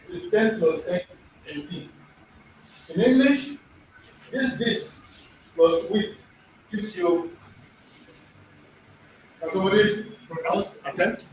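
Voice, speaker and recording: Guy teaching pronunciation, repeats words a lot, slow talker, faint noise and far mic. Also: high-pitched. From Nigeria. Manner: repeats words and quizzes the class. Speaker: language teacher. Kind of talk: classroom pronunciation lesson. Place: echoey classroom. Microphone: far room mic. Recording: echoey room, distant mic, faint noise.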